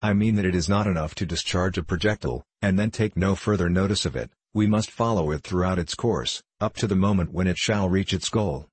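A man lending a deep, slightly husky voice to a stately president of a gunnery club, composed and methodical, in a dry storybook reading. He lays out each point in calm, ordered sentences. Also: no echo. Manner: measured, composed oratory.

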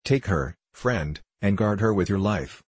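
A man's voice: on the low side, expressive, a little slow, breathy edge, dry recording. A man voicing a grieving, frantic young soldier in a storybook reading, pleading in an anguished way.

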